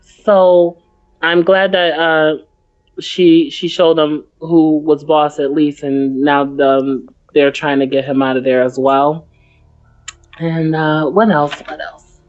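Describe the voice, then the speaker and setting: A woman with a fairly low voice co-hosts a casual podcast. She drifts through her notes with plenty of ums and asides. The audio is muffled and lo-fi. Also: flat delivery, slow, darkish tone. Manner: rambling, reads from notes, many fillers. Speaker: podcast co-host. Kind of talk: casual TV recap chat.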